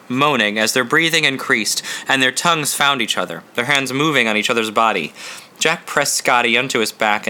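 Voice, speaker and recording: A man narrating an audiobook in a measured, dramatic storytelling manner. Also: medium pitch, pushed and bright.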